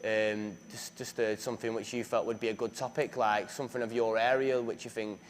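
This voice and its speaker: A man's voice: on the low side, little pitch movement, fairly quick, a little hiss or hum. A young man, chatting casually in an interview, full of fillers and restarts. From northern England. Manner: chatty, self-deprecating, many fillers and restarts. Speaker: actor being interviewed.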